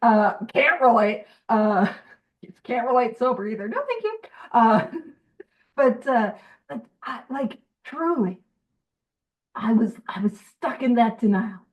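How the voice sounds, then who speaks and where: A woman's voice: on the high side, slow, distant mic, highs cut off. Chatty woman leading a study group. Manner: chatty, digressive, self-deprecating. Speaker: co-host of a recovery book study group. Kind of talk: casual group discussion.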